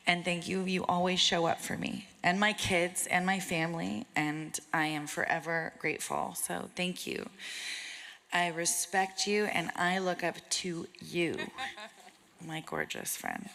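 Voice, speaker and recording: Woman, award acceptance speech, grateful, somewhat scattered, lowish bright voice, theater podium mic. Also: lively intonation, measured pace, gravelly. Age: middle-aged. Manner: effusive, grateful, a little scattered. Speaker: award honoree.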